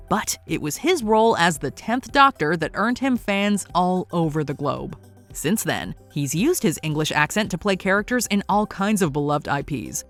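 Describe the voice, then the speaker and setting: A woman doing upbeat, brisk scripted countdown narration. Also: on the low side.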